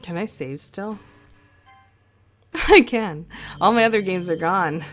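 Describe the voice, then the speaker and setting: A woman's voice: medium pitch, slow, soft background music. A young woman playing a game and commenting on it, jumpy and nervous, often laughing. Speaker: let's play host.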